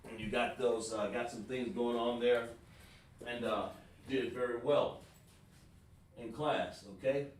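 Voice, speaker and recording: A man's voice: medium pitch, fairly even intonation, slight background noise. Man teaching in an echoey room. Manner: patient, repeats and drills pronunciations slowly. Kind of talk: live online class. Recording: echoey room, far from the mic.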